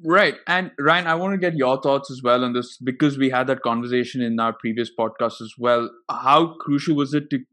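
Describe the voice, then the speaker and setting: A man's voice: medium pitch, a little fast, hardly any pauses, pushed and bright. A man hosting a podcast in casual chat, asking long, rambling questions full of fillers. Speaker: podcast host.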